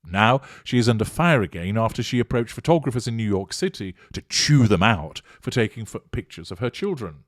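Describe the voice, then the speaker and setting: Male commentator: low, animated delivery, dry close recording, measured and emphatic. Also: no room sound. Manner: measured, emphatic, formal wording. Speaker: commentator on narcissism. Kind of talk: monologue commentary reading from an article.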